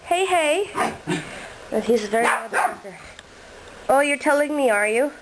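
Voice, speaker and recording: A woman's voice: a little high, moderate pace. A woman filming her puppy at home and talking to it in a playful, coaxing way, like a casual home video. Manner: playful, coaxing pet talk. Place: living room at home, indoors. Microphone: handheld camera. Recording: noisy amateur home video.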